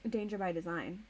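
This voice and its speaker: Slow-talking woman streamer chatting with chat. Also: medium pitch, a little mellow, a little hiss or hum. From United States. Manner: chatty, distracted, reads chat aloud and types. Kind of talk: casual live-stream chat.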